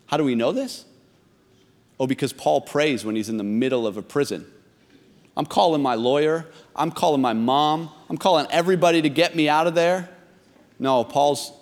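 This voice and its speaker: A pastor in his thirties preaching a sermon, talking conversationally and then pressing his point with emphasis. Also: high voice. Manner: conversational and emphatic, rising to exhortation. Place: church hall. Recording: long reverb of a large hall.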